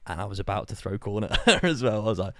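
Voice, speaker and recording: A young man from England, a podcast host in casual chat, telling animated stories and acting out quotes. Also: fast, dry recording, clean studio sound. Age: young adult. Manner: animated storyteller, acts out quotes in high voices.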